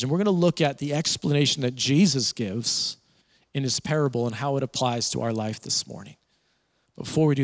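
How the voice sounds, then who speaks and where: A man's voice: medium pitch, a little fast. A man preaching a Sunday sermon with emphatic, repeated phrases that build in intensity. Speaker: pastor. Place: church hall. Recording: church hall reverb.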